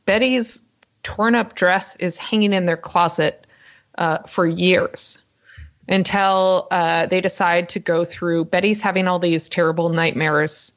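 A woman co-hosting a podcast, recounting a story in a casual, fast, filler-heavy way. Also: lowish voice, fairly even intonation, highs cut off. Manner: fast-talking, lots of ums and uhs. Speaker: podcast co-host.

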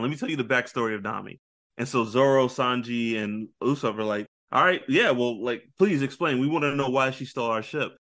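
A man co-hosting a casual pop-culture podcast, retelling anime scenes with lively storytelling and acted-out character lines. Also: medium pitch. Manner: animated storytelling, acting out characters with big voice jumps. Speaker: podcast co-host.

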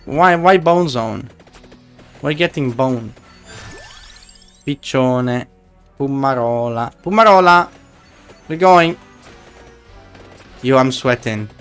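A man's voice: mid-range voice, steady tone, takes it slowly, pauses often, clean tone, soft background music. A man streaming a game live, chatting casually and teasing his viewers in a playful way.

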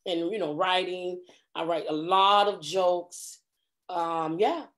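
A middle-aged woman, a comedic actress, telling stories in a casual interview and acting out quotes with lively voice jumps. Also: on the low side, slow. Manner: animated, acts out quotes with big voice jumps.

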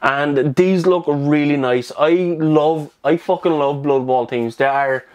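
Chatty man with a higher voice. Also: unhurried. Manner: chatty, rambling, with fillers and restarts. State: out of breath. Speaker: hobby news host. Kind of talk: casual video commentary.

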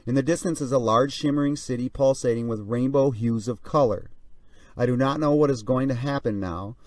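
A man reads a pilot's diary aloud in a steady, measured first-person voice. His mid-range voice sits a little back from the microphone. The room around it is dry and dead. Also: medium pitch, no room sound, distant mic. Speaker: narrator. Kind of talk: reading a flight diary aloud.

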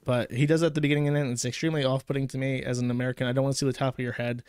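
A man's voice: medium pitch, level tone, very fast, darkish tone, clean tone, dry recording, clean studio sound. A man hosting a show, ranting in casual commentary with a sarcastic, profane manner. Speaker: show host.

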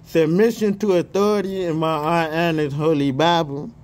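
A man praying fervently and reading scripture aloud outdoors, excitable and stumbling over repeated words, speaking each punctuation mark aloud. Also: a little high, normal speed. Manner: reads punctuation marks aloud. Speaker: online Bible reader.

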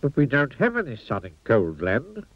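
A man's voice: mid-range voice, wildly swooping pitch, moderate pace, dry recording. A man voicing a weary, puzzled storybook man in a plaintive, wondering tone, on a muffled lo-fi recording.

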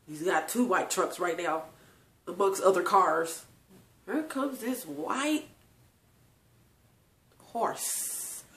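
A woman's voice: mid-range voice, sharp tone. A woman telling tearful personal family stories to her viewers, laughing often. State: crying at times. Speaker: channel host. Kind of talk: emotional personal storytelling. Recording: echoey room.

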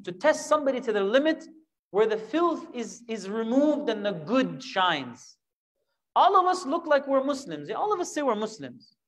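A man with a high-sitting voice teaches a Quran lesson. He is animated, asks plenty of rhetorical questions, and sometimes acts out imagined voices.

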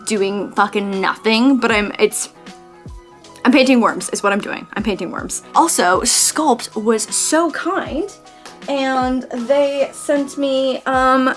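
A woman's voice: mid-range voice, fairly bright tone. A young woman vlogging in a casual, chatty way, exclaiming often and swearing in passing. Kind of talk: casual vlog chat.

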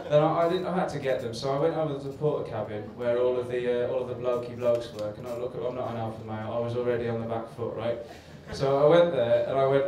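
A man's voice: medium pitch, fairly quick, crowd noise. A man doing a stand-up routine on a comedy club stage, telling a rambling, self-deprecating story. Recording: echoey live club recording from far off with hiss.

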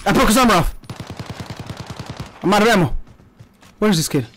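Excitable, high-voiced young gamer guy. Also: a little fast, noisy background. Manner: excitable, profane trash talk and sudden yelps. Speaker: gaming streamer. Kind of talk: live gameplay commentary.

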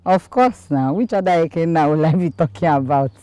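A woman's voice: deep voice, animated, a little fast, mellow. Actress as an anxious young Nigerian woman. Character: anxious young woman asking about her lover.

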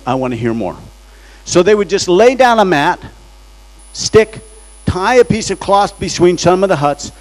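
A man with a high-sitting voice preaches as a guest in a church sanctuary, delivering a storytelling sermon. He tells the story dramatically, acting out the voices he quotes. The audio quality is poor.

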